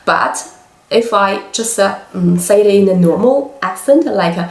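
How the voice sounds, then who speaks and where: Woman, Chinese accent, language teacher, slow hesitant delivery, roomy echo. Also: mid-range voice, creaky, darkish tone. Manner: slow, careful explanations with many hesitations. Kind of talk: language lesson explaining comments.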